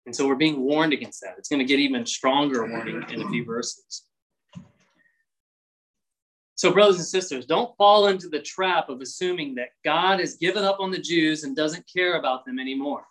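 A male pastor delivers an expository sermon, moving from reading verses to explaining them in a relaxed, conversational tone. Now and then he briefly acts out the voices of people in his examples. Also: fairly high pitch, low-quality recording. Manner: conversational preaching with acted-out voices.

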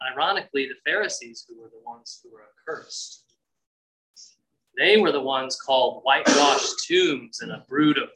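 A man's voice: a little high, pushed and bright, poor audio. A man preaching a sermon, reading scripture and acting out its voices with conversational asides. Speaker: pastor.

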